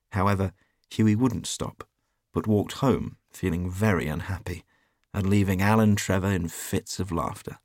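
A man narrating a classic story in a measured, even way. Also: deep voice, no echo, studio quality. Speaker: audiobook reader. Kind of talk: scripted narration.

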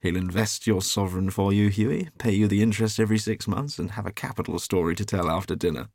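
An actor playing a jovial, teasing gentleman painter who talks loudly and laughs heartily. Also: on the low side, fast, creaky, no room sound, studio quality. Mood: amused, teasing.

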